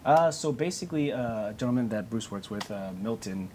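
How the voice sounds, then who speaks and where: A man's voice: fairly low pitch, lively intonation, a little fast, a little mellow, a little hiss or hum. A man from a game store explaining events in a studio interview, with many fillers.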